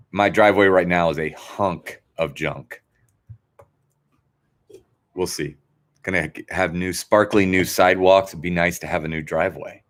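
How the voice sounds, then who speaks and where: A man with a fairly low voice hosts a trivia stream from home. He rambles easily through small talk, loose and friendly. His delivery is unhurried. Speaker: trivia host. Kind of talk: casual livestream chat.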